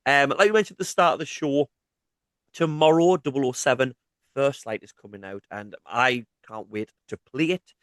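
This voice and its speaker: A man in his thirties with a Mackem accent chats loosely as co-host of a gaming podcast. He is teasing and jokey, at a middling pitch. The sound is dry and close, with no room echo. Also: normal speed, fairly bright tone. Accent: Mackem (Sunderland). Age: 30s. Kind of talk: casual gaming podcast chat.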